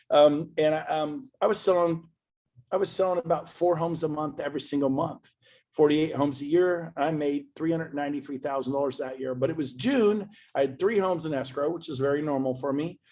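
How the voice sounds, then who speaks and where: A man speaking to an event audience as a motivational speaker, emphatic and swinging from loud bursts to quiet asides. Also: on the high side.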